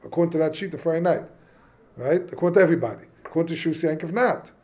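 A man gives an informal Torah class, peppered with Hebrew and Yiddish terms. His voice sits a little high. He asks questions and works through the points in a loose, chatty way. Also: rapid-fire, darkish tone. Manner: casual, questioning, yeshivish phrasing mixed with English. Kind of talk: informal Talmudic lesson.

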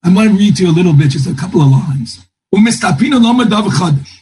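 A man's voice: high voice, animated, fast, a little mellow, slight background noise, low-quality recording. A man teaching a Talmud class, thinking aloud and quoting texts in a lilting singsong. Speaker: Torah teacher.

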